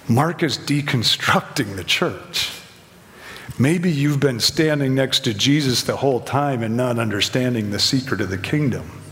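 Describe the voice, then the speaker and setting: A man's voice: mid-range voice, animated, measured pace, fairly bright tone, long reverb tail. A man preaching a conversational sermon, asking his listeners questions and briefly acting out the voices of the people in his story. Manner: conversational, acts out quoted voices, asks questions.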